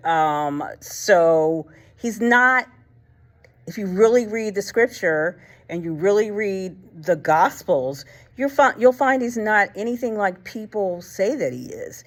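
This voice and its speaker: A woman's voice: mid-range voice, expressive, slow pace. A woman hosting a casual faith talk, speaking bluntly and colloquially, retelling stories with acted quotes and frequent fillers and restarts. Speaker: host.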